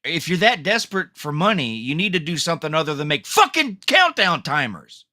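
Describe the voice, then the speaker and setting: Ranting solo on his own podcast, this man is angry and heavily profane. His voice is fairly high, bright and forceful, very animated and a little fast.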